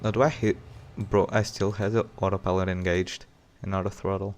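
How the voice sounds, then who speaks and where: A man with a lowish voice gives live gameplay commentary while flying a flight sim, excitable and chatty with his viewers. Engine and game noise run clearly behind him on the stream. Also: brisk, low-quality recording. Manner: excitable, talks to chat.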